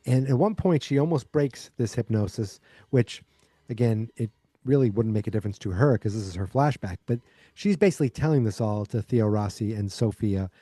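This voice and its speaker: A man's voice: lowish voice, warm tone, no room sound, clean studio sound. A man hosting a podcast, casually recapping an episode in a rambling way full of fillers. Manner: rambling, filler-heavy retelling. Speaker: podcast host.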